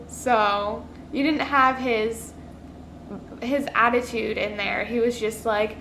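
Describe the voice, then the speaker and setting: A woman's voice: on the high side, steady tone, slow pace, vocal fry, pushed and bright, slight background noise. A woman reviewing a movie in a casual vlog, chatty and full of "like" fillers, acting out her own reactions. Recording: echoey room.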